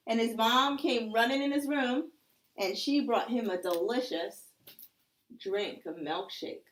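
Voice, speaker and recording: A woman's voice: on the high side, a little slow, a bit bright. Woman teacher telling a story to children. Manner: checks in with "okay?" often.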